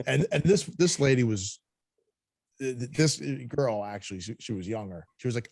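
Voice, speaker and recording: A man's voice: medium pitch, lively intonation, moderate pace, pauses often, darkish tone, dry recording. Profane, laughing man telling a story. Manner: profane, laughing, acts out quoted voices. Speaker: podcast co-host. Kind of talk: casual storytelling chat.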